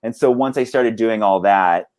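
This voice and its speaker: Male band guest, lowish voice, casual rambling storyteller on a video call. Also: normal speed, darkish tone. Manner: rambling, lots of "like" and "dude".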